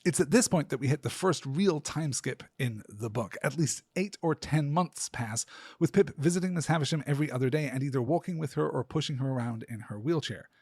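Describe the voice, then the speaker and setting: A man hosting a podcast, talking through a classic novel in a measured, analytical way. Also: on the high side, darkish tone, slightly rough, no room sound, clean studio sound. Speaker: podcast host. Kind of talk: literary discussion.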